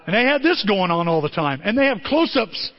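A high-pitched, lively male preacher tells his story with big swings of voice and sudden shouts. His voice rings in a large hall with a long echo, and the recording sounds dull and lo-fi. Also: a little fast. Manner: animated storytelling, shouting out in excitement. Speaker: pastor. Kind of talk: sermon. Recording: dull lo-fi audio in a reverberant hall.

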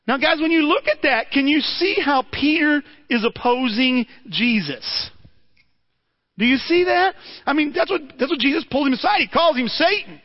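High-voiced man preaching a sermon. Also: expressive, moderate pace, muffled recording. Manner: conversational, asks the listeners rhetorical questions; often repeats words as he restarts.

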